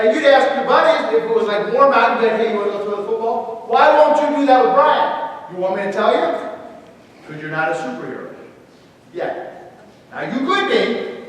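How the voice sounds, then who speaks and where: A man giving an energetic motivational talk at a school assembly, calling out to the students and acting out kids' voices. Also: very high voice. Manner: animated, calls out to the audience, acts out kids' voices. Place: large school gym or auditorium. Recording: echoey hall recorded from far off.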